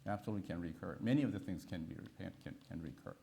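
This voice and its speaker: A middle-aged male physician giving an animated lecture, telling a patient story with frequent restarts and emphatic repetition. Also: low voice, racing, creaky. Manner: repetitive restarts, emphatic, asks listeners "okay?".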